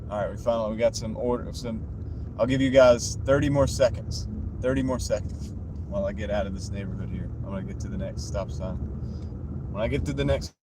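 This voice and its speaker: A man's voice: on the low side, background noise. Chatty man livestreaming from his car. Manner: chatty, talks to viewers' chat while driving. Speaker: delivery driver livestreaming. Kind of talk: casual live-stream chat. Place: inside a car on the road. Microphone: wireless clip-on mic.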